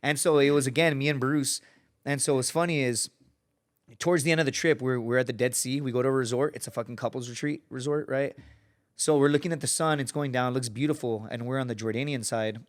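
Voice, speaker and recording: A man in his thirties tells a long, loose story as a podcast guest. He swears freely, and his voice sits at an ordinary middle pitch. He slips into little voices for the people in his tale. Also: fast. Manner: profane, lively anecdote-telling, acts out quoted people. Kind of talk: casual storytelling.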